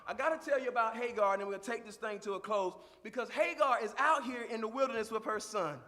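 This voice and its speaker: A man preaching a sermon with passion, swelling into shouts and repeating phrases for emphasis. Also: high voice, big-room sound.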